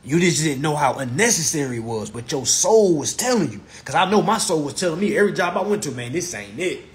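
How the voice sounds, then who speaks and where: Preachy profane man with lively high voice. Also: fast. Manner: preachy, repeats phrases for emphasis; blunt and profane. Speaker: live-stream speaker. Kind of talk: profane live-stream lecture.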